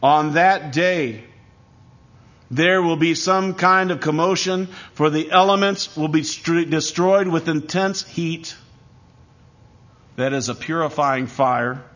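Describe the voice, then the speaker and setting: Solemn preaching man, slightly high voice. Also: a bit bright. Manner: solemn, emphatic preaching with measured pauses. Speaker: pastor. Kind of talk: sermon. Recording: dull lo-fi recording.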